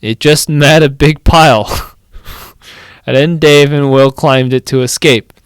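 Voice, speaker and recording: A man's voice: fairly high pitch, fairly even intonation, measured pace, clean tone, dry recording. A young man co-hosting a comedy podcast, reading a badly written fan story aloud, stumbling over its misspellings and breaking into banter.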